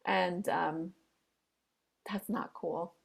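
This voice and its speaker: A woman's voice: on the low side, steady tone, extremely slow. A woman co-hosting a casual podcast chat, reflectively talking through her feelings and past experiences. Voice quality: gravelly, husky. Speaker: podcast co-host.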